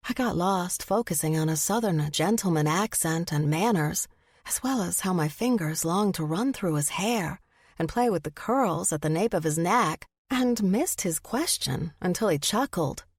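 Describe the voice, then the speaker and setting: A woman narrating a first-person audiobook, expressive in the character's flustered lines. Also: lowish voice, normal speed, husky, no echo, studio quality.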